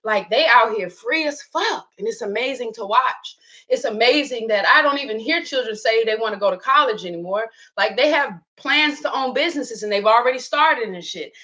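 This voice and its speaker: Woman, fairly high voice, bright and forceful, casual motivational talk, frequent laughter, blunt. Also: animated, normal speed, poor audio. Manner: laughs often, frank, cusses freely; repeats lines for emphasis. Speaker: speaker sharing reflections.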